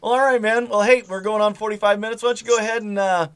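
A man's voice: high-pitched, fairly even intonation, fast, fairly bright tone, clear, resonant tone. A man hosting a podcast, throwing in joking, teasing remarks. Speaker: podcast host. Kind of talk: casual chat.

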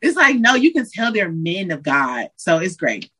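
A woman from Detroit, a Christian hip hop artist, chatting as a guest in an interview, lively and slangy, acting out what her friends say. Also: fairly low pitch, normal speed, slightly rough, rough recording. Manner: animated, slangy, acts out quotes of friends. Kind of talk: casual interview chat.

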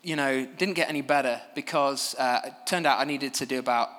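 A man preaching a sermon from a church stage, telling stories at his own expense in a lively way. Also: medium pitch, a little fast, long reverb tail. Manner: animated, self-deprecating storytelling.

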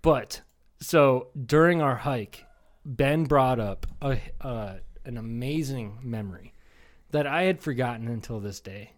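A man in his thirties from Iowa co-hosts a comedy podcast, speaking at an unhurried pace in a medium-pitched voice. In casual chat he tells rambling stories full of swearing and does impressions of people.

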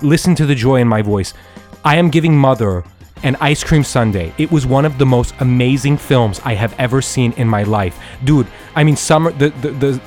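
Male podcast host, mid-pitched, gushing, rambling film review, dry close mic. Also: dry recording. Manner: excited, rambling storytelling with many restarts and swearing. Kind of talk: casual solo movie review. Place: Los Angeles area.

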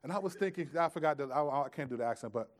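A male pastor delivers a sermon in a talky, relaxed way, his voice sitting somewhat high for a man. He leans hard into key phrases, then drops almost to a murmur for quieter points. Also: racing. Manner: conversational preaching, swings from loud emphasis to hushed asides.

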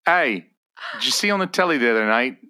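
A man putting on a thick Australian accent as a crude, cheery bloke, with loud, slangy banter. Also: mid-range voice, animated, brisk, smooth, pitched above the performer's own voice. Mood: rowdy. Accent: put-on thick Australian.

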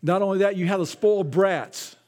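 A man's voice: high voice, brisk, a little mellow. A man, a pastor, preaching a sermon in a conversational way, often repeating his words.

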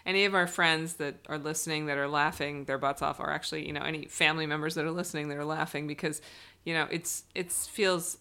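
A woman from North Carolina co-hosting a podcast, chatty and playful with animated asides. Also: low-pitched, fast talker, clean tone. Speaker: podcast co-host. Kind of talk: casual chat.

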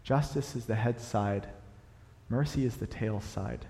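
A young adult man preaching a sermon in a church, animated, building to emphatic peaks as he explains a passage. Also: mid-range voice, unhurried. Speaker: pastor. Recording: long hall reverb.

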